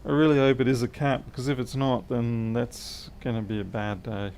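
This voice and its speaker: A man's voice: medium pitch, little pitch movement, moderate pace, gravelly, a little mellow, slight background noise. A man, a repair technician bantering with viewers and muttering to himself while he works on a live stream.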